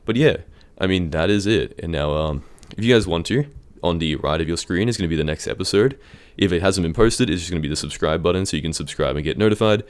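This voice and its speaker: A man's voice: low-pitched, fast. A young man rambling casually over his game footage, hesitant and full of ums. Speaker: Minecraft YouTuber. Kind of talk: casual gameplay commentary.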